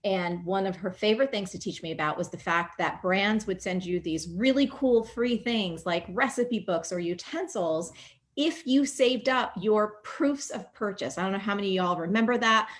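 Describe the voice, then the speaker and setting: Animated storytelling woman from New Jersey. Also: medium pitch. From New Jersey, USA. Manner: animated, vivid storyteller, chatty with fillers. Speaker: guest speaker. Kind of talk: personal storytelling talk.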